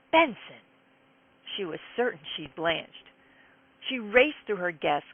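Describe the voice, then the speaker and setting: Woman novelist doing an expressive reading of her own book, dramatic delivery, phone-thin dry audio. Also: lowish voice, vocal fry, dry recording. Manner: dramatic, emphatic storytelling. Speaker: author. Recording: tinny phone-like dry sound.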